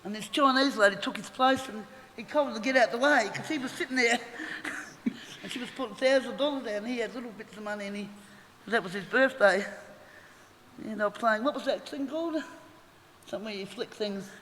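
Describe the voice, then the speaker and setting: A woman's voice: a little high, fairly quick, fairly bright tone. A middle-aged Australian woman giving a rambling, chatty eulogy at a funeral and laughing through her stories. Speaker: eulogy speaker. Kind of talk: funeral eulogy, anecdotal storytelling. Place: funeral hall. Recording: echoey hall with faint noise.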